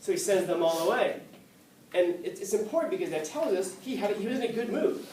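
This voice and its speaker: A male teacher with a fairly high voice gives an animated classroom lecture, acting out quoted lines and often restarting mid-sentence. He sounds far from the mic in an echoey room, with a faint room hum underneath. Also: fairly quick. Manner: animated storytelling, acts out quotes, frequent restarts.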